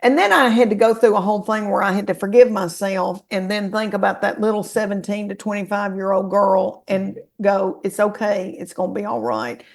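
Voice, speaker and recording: A middle-aged woman with a Southern American accent, a comedian telling animated, folksy stories as a podcast guest. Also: mid-range voice, fairly quick, gravelly, few pauses. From Southern US, Tennessee. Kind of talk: casual storytelling chat.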